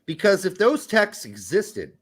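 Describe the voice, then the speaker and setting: A man's voice: high-pitched, big pitch swings, unhurried, fairly bright tone. A man co-hosting a soccer podcast in casual chat, blunt and profane. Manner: blunt, profane, jumps into mock voices. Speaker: podcast co-host.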